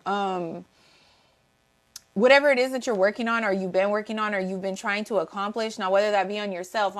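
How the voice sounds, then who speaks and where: A woman giving a casual tarot reading, blunt and profane, repeating herself for emphasis and greeting viewers in the chat. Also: mid-range voice. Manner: talks to live chat viewers. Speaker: tarot reader.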